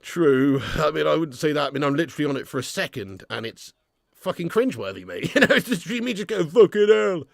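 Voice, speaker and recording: High, gravelly, sweary football ranter. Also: male voice, lively intonation, fast, no echo, studio quality. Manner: sweary, ranting, swings between loud outbursts and low glum muttering. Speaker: YouTube fan channel host. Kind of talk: live football watch-along chat, reading super chats.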